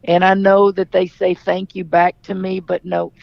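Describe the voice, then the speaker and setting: Gravelly-voiced woman coach. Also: fairly low pitch, level tone, moderate pace, no room sound, dull audio. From Louisiana. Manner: candid, emphatic storyteller. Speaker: head coach, guest. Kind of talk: radio interview.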